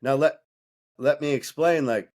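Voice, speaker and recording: A man's voice: a little high, measured pace, darkish tone. A man speaking as a coaching guest on a podcast, talking bluntly and intensely with profanity and a preaching edge. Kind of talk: candid podcast conversation.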